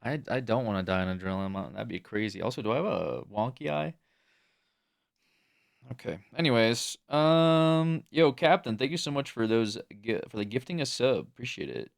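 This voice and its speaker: A man's voice: mid-range voice, lively intonation, moderate pace, vocal fry. A young adult man chatting casually on a livestream, rambling with lots of fillers. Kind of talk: casual stream chat.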